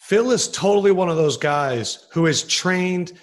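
A man's voice: sits high, animated, unhurried. A man hosting a podcast interview, reacting with enthusiasm and asking questions. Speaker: podcast host.

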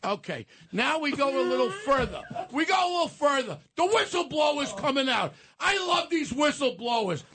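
Loud ranting older New man. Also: very high voice, sing-song, normal speed, hardly any pauses. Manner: loud, ranting, shouts insults. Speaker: radio host. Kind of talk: talk radio rant.

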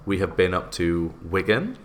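A young man co-hosting a podcast, chatting casually and laughing often in quick bursts. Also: sits low, very animated, a bit bright. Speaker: podcast co-host and guest editor.

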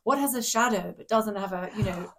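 A woman chatting casually as a podcast co-host. She is giggly and self-deprecating, quick to agree and to pile on with her own little confessions, in an ordinary mid-range voice. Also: mid-range voice, a bit bright. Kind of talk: casual chat.

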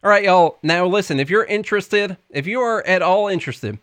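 A man's voice: high voice, fairly quick, fairly bright tone, smooth, dry recording. Folksy Tennessee man, dry sound. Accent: Southern US (Tennessee). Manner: folksy, joking, drawling. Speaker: podcast co-host. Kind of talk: casual chat and ad read.

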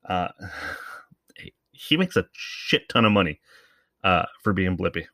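A man's voice: low voice, very animated, takes it slowly, bright, forceful tone, no room sound, studio quality. A man hosting a podcast, giving casual, rambling commentary in a sarcastic, profane way. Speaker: podcast host.

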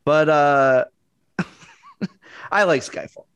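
A man co-hosting a podcast, chatting casually and agreeably, quick to laugh. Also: on the high side, a bit bright, clean tone, dry recording. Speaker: podcast co-host.

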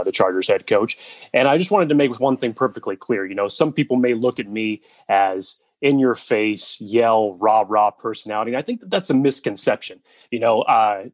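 Guy doing an earnest intense coach, kinda low voice, dry mic. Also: no echo, close to an everyday voice. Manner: earnest, then yelling in a high voice. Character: intense male head coach candidate. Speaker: podcast co-host.

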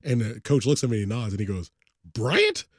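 A man's voice: fairly low pitch, very fast, no room sound, studio quality. A man co-hosting a sports podcast in loose, profane casual chat. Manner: profane, animated, breaks into song. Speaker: podcast co-host.

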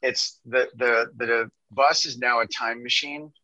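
Bright-sounding director guy, jokey podcast guest, dead dry sound. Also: mid-range voice, fairly even intonation, measured pace, dry recording, highs cut off. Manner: joking, loose, with many restarts. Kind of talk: casual interview chat.

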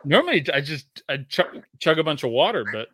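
A man's voice: fairly high pitch, very animated, brisk, sharp tone, slight background noise. A man co-hosting a casual podcast from his garage, rambling and swearing casually as he trails off and restarts. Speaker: podcast co-host. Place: home garage.

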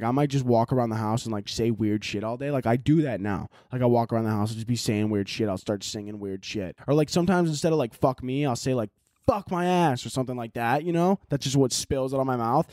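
A young man hosts his podcast solo in loose, joking chat full of swearing, wandering from thought to thought. His voice sits at a middle pitch for a man. The sound is dry and close. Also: mellow, dry recording. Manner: profane, rambling, jokey. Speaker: podcast host.

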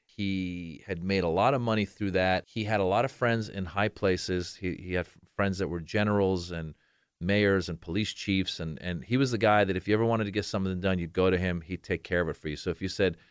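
Male comedian guest, forties, from Iran, low smooth voice, dry close sound, animated anecdotes. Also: fairly quick, no echo. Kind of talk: casual interview storytelling.

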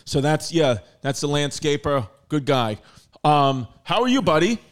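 A man's voice: fairly high pitch, sing-song, a little slow. A man hosting a casual comedy podcast, laughing as he reads text messages aloud. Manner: laughing while reading texts aloud. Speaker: podcast host.

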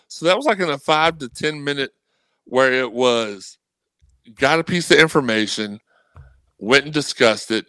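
A man talks sports on a podcast, animated and rambling, and slips into quick impressions of anxious fans as he tells his stories. His voice is smooth and resonant. The recording is close and dry, with no room sound. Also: mid-range voice, no echo, low-quality recording. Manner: animated, rambling, acts out fan messages. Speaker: guest co-host. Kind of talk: casual sports podcast chat.

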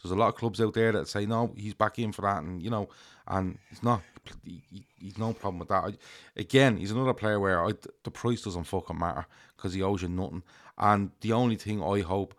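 A man with a very deep voice chats about football on a podcast. He is emphatic and casual, and he throws in the odd swear word. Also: fairly quick. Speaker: podcast co-host.

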